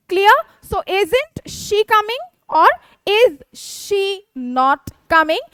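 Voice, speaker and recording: Woman, English teacher, high voice, slow and deliberate, dry close sound. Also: fairly bright tone, dry recording. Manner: repeats "yes" and "okay", reads examples slowly and deliberately. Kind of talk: classroom grammar lesson.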